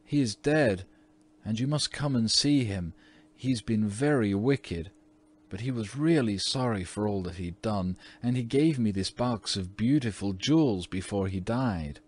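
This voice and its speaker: A composed, solemn little girl, as a male narrator puts her on for a classic storybook. Her voice sits raised above his, quiet, earnest and grave. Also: fairly low pitch, a little slow, husky, pitched above the performer's own voice.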